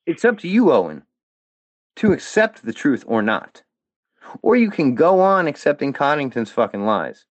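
A man rants in anger, swearing freely and swinging his pitch up and down as he pushes back. The sound is dry and a little dull, like a lo-fi recording. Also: big pitch swings, moderate pace, no echo. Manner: profane, heated and defiant. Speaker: guest. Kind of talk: angry rant.

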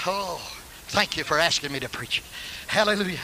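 Fervent older preacher with drawl. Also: male voice, fairly high pitch, animated, moderate pace, slight background noise, poor audio. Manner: fervent, shouts hallelujahs, rises to shouting peaks. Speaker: pastor. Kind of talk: sermon.

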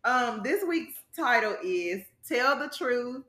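A woman's voice: fairly high pitch, animated, takes it slowly, bright, forceful tone. A woman hosting a casual podcast chat, playful and laughing often. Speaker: podcast host. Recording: echoey room.

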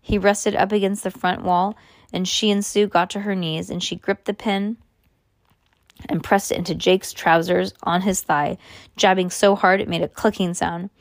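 A woman's voice: medium pitch, little pitch movement, moderate pace, dry recording, clean studio sound. A woman reading a novel aloud, now and then stopping to explain in her own words. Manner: plain reading with spoken asides. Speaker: reader.

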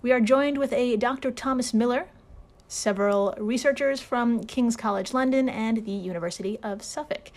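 A woman's voice: fairly high pitch, moderate pace, a little mellow. A woman hosting a casual storytelling podcast, sarcastic, swearing freely and laughing often. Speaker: podcast host.

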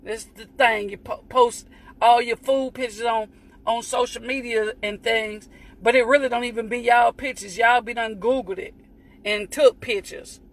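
A woman's voice: a little high, fairly even intonation, normal speed, poor audio. A woman hosting a casual livestream for church viewers, playful and teasing, breaking into bits of hymns as she talks. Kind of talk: casual chat.

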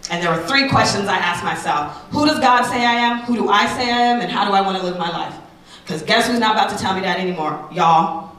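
A woman in her thirties, a radio personality, giving a candid personal testimony talk to an audience, animated and full of asides. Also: fairly low pitch, quick pace, heavy reverb, recorded from a distance, low-quality recording.

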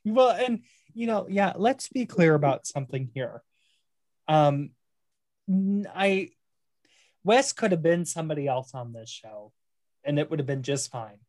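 Opinionated co-host, lots of fillers, dry close mic, mid pitch. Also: a little slow, dry recording. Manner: animated, opinionated, many fillers. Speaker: podcast co-host. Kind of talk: casual chat.

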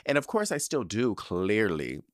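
A man in his thirties hosting a podcast, chatting casually with a gushing, profane, animated manner. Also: fairly low pitch, unhurried, dry recording, studio quality. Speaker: podcast host. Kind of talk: casual chat.

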